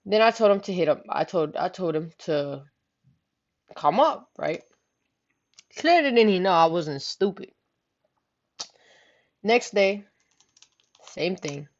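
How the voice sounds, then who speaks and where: A woman's voice: lowish voice, lively intonation, slow pace, pauses often. A woman telling a story in casual, rambling talk, full of slang and swearing, often tossing in "you know what I'm saying.". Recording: slightly muffled lo-fi recording.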